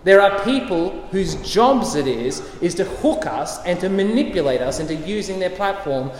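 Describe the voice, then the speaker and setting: A man's voice: high voice, lively intonation, moderate pace, a little hiss or hum. A man preaching a sermon, emphatic and repetitive, with light chuckles. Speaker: pastor. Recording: echoey hall with faint ambience.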